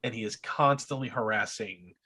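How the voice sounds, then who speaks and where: A man's voice: medium pitch, steady tone, normal speed, bright, forceful tone, slightly rough. A man co-hosting a podcast, telling a story in a casual, hesitant way. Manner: storytelling, hesitant with many restarts. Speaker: podcast co-host. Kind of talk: casual chat.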